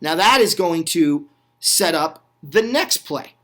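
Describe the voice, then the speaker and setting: Male host, high voice, excited and chatty play-by-play over game clips, asks the viewer questions. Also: slow pace. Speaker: host of a retro football review channel.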